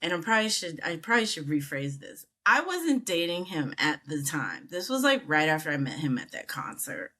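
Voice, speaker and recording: Animated woman telling a story. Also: fairly quick, few pauses. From United States. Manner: animated, acts out quoted voices with big pitch jumps. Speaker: interview guest. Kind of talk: casual storytelling.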